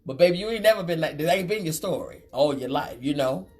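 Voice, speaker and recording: A woman, hosting a live chat show and reading out viewer comments with sass and frequent laughter. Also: fast. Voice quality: deep voice. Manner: sassy and animated, laughing often. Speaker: talk show host.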